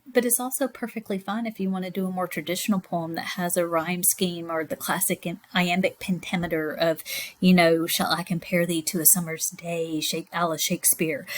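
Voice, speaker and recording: Her voice sits on the low side as this woman, probably in her thirties or forties, teaches a class that was recorded. The lecture rambles in a talkative way, peppered with frequent digressions.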